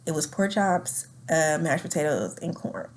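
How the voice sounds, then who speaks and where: A young adult woman with a lowish voice tells her own story frankly and candidly. She keeps it animated by acting out what was said, with nervous laughs slipping in. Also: unhurried. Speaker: guest telling her story.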